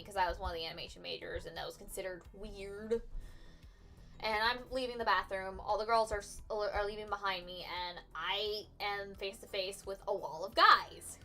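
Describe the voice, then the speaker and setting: A woman's voice: medium pitch, pushed and bright. A young adult woman casually telling a story while streaming, in a chatty, profane way with frequent restarts. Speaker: artist streaming her work.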